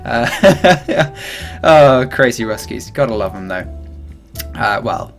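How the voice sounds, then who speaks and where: A young gaming YouTuber from England, with an accent somewhere between the Midlands and the South, rambles and jokes through his gameplay commentary, often laughing. His voice is fairly low and a little slow, with faint music playing underneath.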